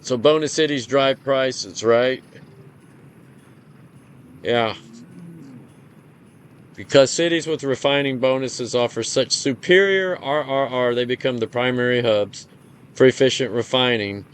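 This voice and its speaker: A man's voice: mid-range voice, a little slow, pauses often, clear, resonant tone. A man hosting a gaming channel, reading out game details in casual commentary, blunt and profane, often stumbling over numbers and restarting. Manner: blunt, profane, complains openly.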